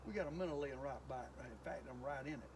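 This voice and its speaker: A man's voice: medium pitch, quick pace. An older man chatting folksily as he fishes outdoors on a lake, exclaiming at each bite. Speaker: fishing video host. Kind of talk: casual fishing commentary. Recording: outdoor ambient noise.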